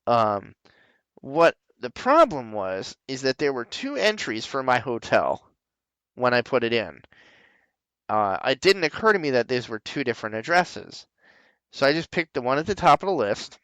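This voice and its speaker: A man's voice: mid-range voice, normal speed, clean tone, no room sound, poor audio. A man hosting a casual podcast chat, swearing freely and acting out the people in his stories. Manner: profane, animated storyteller who acts out quoted people. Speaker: podcast host.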